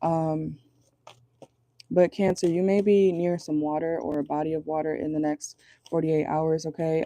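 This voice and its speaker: Woman tarot reader, casual and blunt, low dark voice, dry close sound. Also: fairly even intonation, measured pace. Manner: chatty, laughs often, blunt and crude. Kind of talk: casual channeled tarot reading.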